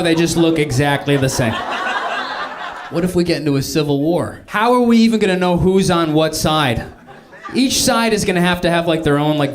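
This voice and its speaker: A man performing stand-up comedy with chatty, laughing asides. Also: a little high. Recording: live room with crowd and noise.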